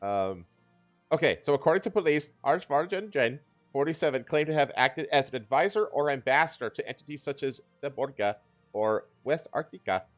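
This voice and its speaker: A man's voice: mid-range voice, animated, brisk, faint music behind. A man co-hosting a podcast, reading news stories in a loose, joking way and laughing often. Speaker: podcast co-host. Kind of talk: casual news chat.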